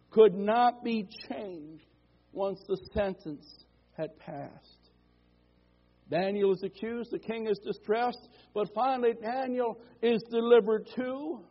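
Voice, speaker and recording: A male pastor preaching a fervent sermon in a church, calling for amens and building to repeated declarations. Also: high-pitched. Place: church sanctuary. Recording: dull lo-fi church recording.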